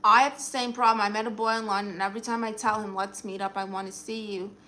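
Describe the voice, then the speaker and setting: A woman's voice: medium pitch, fairly even intonation, fast talker, bright, forceful tone, slight background noise. A woman with a Brooklyn accent hosting a casual livestream, sassily answering viewers' comments and calling them honey. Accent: Brooklyn New York. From Brooklyn, New York. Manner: sassy, teasing, calls viewers honey. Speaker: livestream host giving advice.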